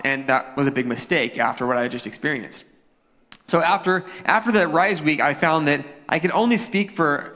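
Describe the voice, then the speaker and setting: A young male youth pastor tells a story from the pulpit in a relaxed, joking sermon, his voice sitting a little high for a man. He talks into a handheld microphone, and the sound rings with long reverb through the church sanctuary. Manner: casual storytelling, animated and joking.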